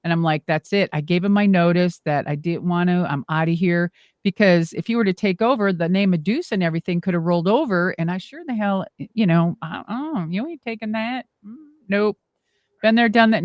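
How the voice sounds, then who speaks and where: A middle-aged woman telling stories in an interview in a lively, rambling way, acting out the voices she quotes and swearing casually. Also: mid-range voice, no room sound, studio quality. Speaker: guest, former wrestler and monster truck driver.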